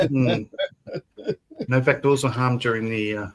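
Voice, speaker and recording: A man's voice: mid-range voice, fairly even intonation, takes it slowly, bright, forceful tone. A man on a live model-building panel, reading out chat comments and laughing along. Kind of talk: casual live-stream chat.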